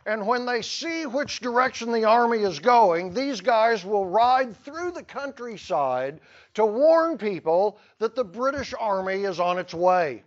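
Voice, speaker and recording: A man's voice: high voice, expressive, a little slow, dull audio. A man teaching a history lesson to a class, telling the story with playful asides. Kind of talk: classroom lecture.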